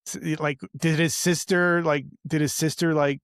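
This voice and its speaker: A man's voice: a little high, flat delivery, normal speed, fairly bright tone, no echo, studio quality. A man hosting a podcast, musing aloud with curious questions and frequent restarts. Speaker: podcast host. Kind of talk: casual chat.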